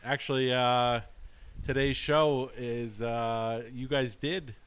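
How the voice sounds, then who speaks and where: A man hosting a casual podcast, talking haltingly with many fillers and restarts. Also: mid-range voice, steady tone, a bit bright, clean tone. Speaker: podcast host.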